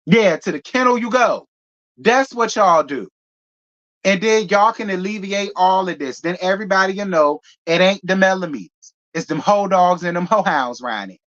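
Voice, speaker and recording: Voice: medium pitch, lively intonation, normal speed, fairly bright tone. Sassy livestream host, lo-fi sound. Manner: sassy, playful, thanks donors by name with kisses. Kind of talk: casual livestream chat with viewers.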